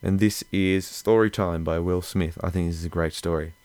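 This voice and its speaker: Man, solo podcast host, very low smooth voice, dry close sound, loose and rambling. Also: steady tone, normal speed, darkish tone, dry recording. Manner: rambling, loose, many fillers.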